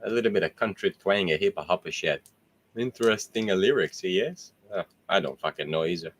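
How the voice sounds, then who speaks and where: A man with a fairly low voice hosts his own show, talking in a loose, rambling way. His pitch swings widely as he jokes and laughs often between thoughts, swearing freely along the way. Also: expressive, a little fast, a little hiss or hum. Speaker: host. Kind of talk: casual rambling monologue.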